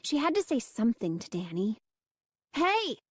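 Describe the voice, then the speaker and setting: Slow, measured woman narrator. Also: a little high, no room sound, clean studio sound. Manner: measured storytelling. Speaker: audiobook narrator. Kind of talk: scripted narration.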